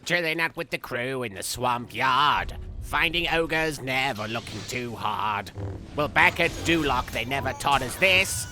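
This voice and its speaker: A man doing Marik, a bright goofy villain. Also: moderate pace, hardly any pauses, soft background music. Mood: rambling. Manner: rambling silly jokes, sudden shrill outbursts. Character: goofy unhinged young male villain. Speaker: gameplay commentator. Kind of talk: comedic let's-play commentary.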